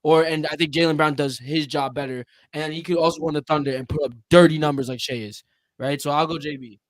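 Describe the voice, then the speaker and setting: A young man co-hosting a casual sports podcast, talking in an animated way, quick to laugh and push back. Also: a little high, no room sound. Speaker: podcast co-host.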